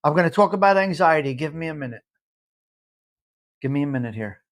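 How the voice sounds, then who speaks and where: A man's voice: fairly high pitch, expressive, fairly quick. An older man hosting a casual live chat, rambling in a brash, profane way. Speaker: livestream host.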